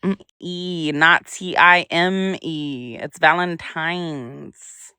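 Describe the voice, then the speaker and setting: Drawling and chatty, a young pregnant livestream host talks with her viewers and hums between comments. Her deep voice comes out extremely slow, pushed and bright, clear and resonant, with no room sound.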